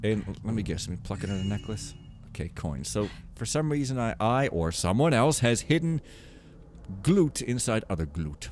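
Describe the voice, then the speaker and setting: A man's voice: fairly low pitch, very animated, moderate pace, darkish tone, a little hiss or hum. A man giving casual, rambling commentary over a video game, joking and mocking himself as he plays. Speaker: Let's Play commentator.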